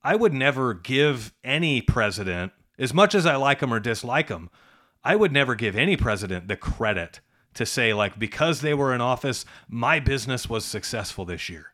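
A man's voice: mid-range voice, very animated, moderate pace, sharp tone. Emphatic middle-aged male podcast host. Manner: conversational, emphatic, rhetorical "right?" tags. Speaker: podcast co-host, trades business coach. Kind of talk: casual podcast chat.

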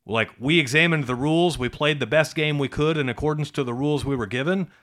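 Here a middle-aged man's voice sits on the high side, a bit bright, and moves fast. As co-host of a relaxed business podcast and a coach for trades businesses, he chats emphatically and conversationally, tagging his points with a rhetorical "right?"

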